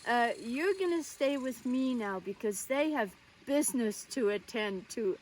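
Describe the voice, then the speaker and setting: A woman's voice: on the high side, expressive, a little slow. Woman doing a kindly coaxing butler. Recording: distant mic, faint ambient noise.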